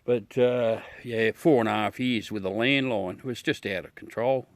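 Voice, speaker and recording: A man's voice: fairly low pitch, steady tone, normal speed, no room sound. An Australian man hosting a livestream, chatting casually with viewers in a blunt, ranty way and swearing freely. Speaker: livestream host. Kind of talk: casual chat with live viewers.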